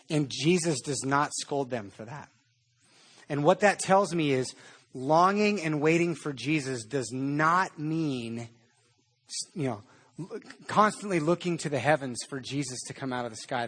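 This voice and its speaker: A man preaching a sermon in a conversational way, with animated storytelling. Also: mid-range voice, moderate pace, slightly rough. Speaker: pastor.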